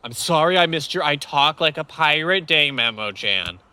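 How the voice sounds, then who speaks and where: A man's voice: fairly high pitch, animated, moderate pace, sharp tone, smooth. A man acting a pompous, petty corporate boss in a comedic audio drama. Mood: condescending. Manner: pompous, ranting, theatrical. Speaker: company boss. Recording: music playing under the voice.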